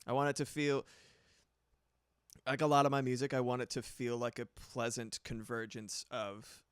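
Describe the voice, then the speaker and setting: A man's voice: mid-range voice, level tone, moderate pace, smooth, no echo, clean studio sound. A man chatting casually on a livestream while he builds sounds, rambling, laughing often and swearing. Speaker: streamer and music producer.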